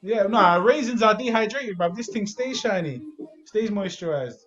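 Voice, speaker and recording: A man's voice: high-pitched, expressive, normal speed, fairly bright tone. A young man, co-hosting a podcast over a video call, bantering in street slang. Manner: banter-heavy London slang. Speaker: podcast co-host. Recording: lo-fi online call audio.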